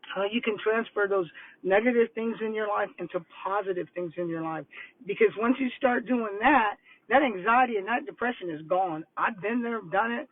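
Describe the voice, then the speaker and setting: An older woman coaching on vision boards, telling stories in a casual, animated, rambling way. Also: medium pitch, normal speed. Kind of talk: casual livestream talk. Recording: tinny phone-like line, dry.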